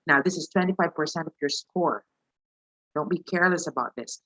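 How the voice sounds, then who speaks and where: Woman, Filipino accent, lowish voice, live online lesson, emphatic, frequent "okay?". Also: a little fast, fairly bright tone, low-quality recording. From Philippines. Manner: emphatic, punctuates points with a questioning "okay?". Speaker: IELTS speaking teacher.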